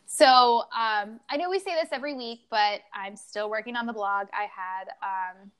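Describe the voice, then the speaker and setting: A young woman with a fairly high voice chats casually as a podcast co-host. She tells stories in an animated way and plays out the back-and-forth as she goes. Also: moderate pace, clear, resonant tone. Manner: animated storytelling, acts out dialogue. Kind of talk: casual chat.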